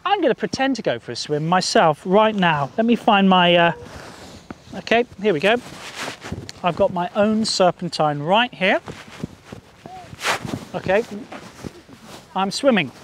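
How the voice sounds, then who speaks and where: A man telling stories to a group of children in a park, in a lively sing-song way, coaxing them to join in. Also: sits high, a little slow, long pauses, background noise. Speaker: children's storyteller. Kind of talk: storytelling to children outdoors. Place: outdoors in a park.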